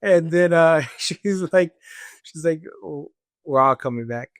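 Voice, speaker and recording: Brief: male guest, gravelly, fairly high voice, dry close sound, casual storyteller voicing others' lines. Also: a little slow, a bit bright, dry recording. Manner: recounts dialogue, acting out voices of others; casual, with many fillers like "this and that". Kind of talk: storytelling in conversation.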